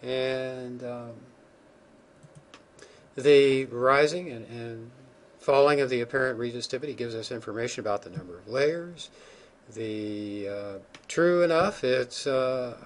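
A man giving a recorded geophysics lecture over slides, informal and thinking aloud, with many ums and restarts. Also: mid-range voice.

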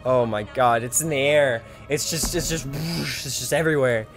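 A man streaming a video game, joking, swearing and excited, a little drunk. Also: mid-range voice, normal speed, over music. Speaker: gamer streamer. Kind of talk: casual let's-play commentary.

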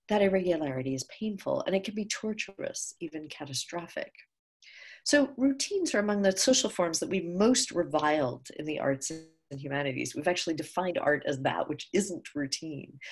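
Low, gravelly-voiced woman lecturing. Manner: measured, with occasional restarts. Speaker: keynote speaker. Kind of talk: academic lecture. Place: conference hall.

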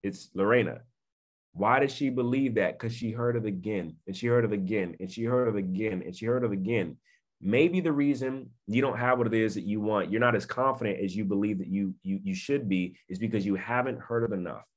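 A man's voice: on the low side, fairly quick. Man, motivational speaker, emphatic, repeats himself, video call. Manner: emphatic, repeats phrases, keeps checking in with the listeners. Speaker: network marketing speaker.

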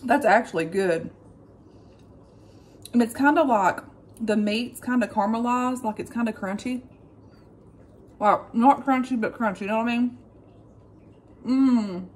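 A woman's voice: on the high side, a little slow, long pauses. A woman, chatting casually to camera as she cooks and tastes breakfast. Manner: chatty, relaxed, says "y'all". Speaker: vlogger. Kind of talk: casual cook-with-me chat.

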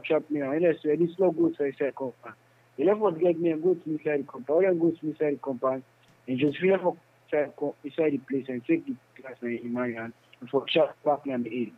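A man with a Sierra Leonean Krio accent recounting events in a phone interview, in halting, repetitive speech. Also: on the high side, husky. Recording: tinny phone line.

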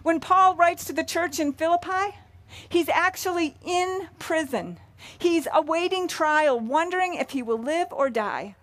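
High-voiced woman preaching a sermon. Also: fairly bright tone. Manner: earnest, measured preaching with rhetorical questions. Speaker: pastor. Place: church sanctuary.

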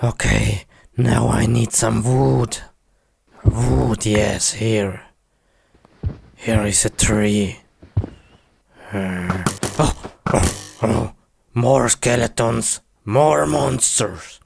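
A man's voice: fairly low pitch, steady tone, very slow, creaky, long pauses, a little mellow, slightly rough, voice pushed down, exaggerated voice. A man playing a raging brute who calls himself Hulk, grunting in simple, broken English. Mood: angry.

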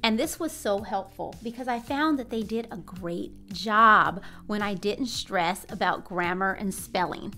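A woman's voice: mid-range voice, unhurried, hardly any pauses, bright, forceful tone. A woman with a mid-range voice talks through a curriculum review in a casual, upbeat way. She explains things in a friendly tone over faint background music. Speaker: homeschooling mom and channel co-host.

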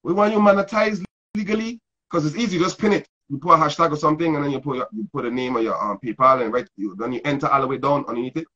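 A man's voice: a little high, fast, hardly any pauses, a bit bright. A man hosting a casual interview, rambling and laid-back with lots of fillers. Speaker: host. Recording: dull lo-fi sound.

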